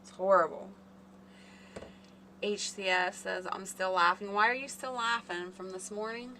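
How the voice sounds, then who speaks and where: A woman's voice: medium pitch, fairly even intonation, a little slow, bright, forceful tone, slight background noise. A woman hosting a casual live stream, rambling and chatting with her viewers by name. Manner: chatty, rambling, talks to chat readers by name.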